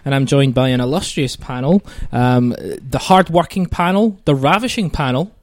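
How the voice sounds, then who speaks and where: A man's voice: mid-range voice, normal speed, dry recording, clean studio sound. A man hosting a podcast, chatting casually and rambling with self-mocking jokes and plenty of ums. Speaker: podcast host. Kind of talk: casual chat.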